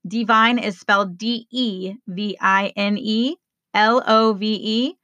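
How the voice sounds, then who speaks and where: A woman's voice: mid-range voice, bright, forceful tone, no echo. A woman hosting her own podcast as a life coach, talking casually and enthusiastically to listeners. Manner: upbeat, enthusiastic, spells things out slowly.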